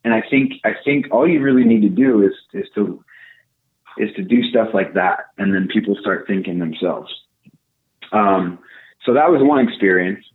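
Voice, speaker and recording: A young man telling a casual story, animated and profane, acting out what people said. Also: lowish voice, moderate pace. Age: young adult. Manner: animated, profane, acts out quotes. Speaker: podcast co-host. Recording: tinny phone-like line.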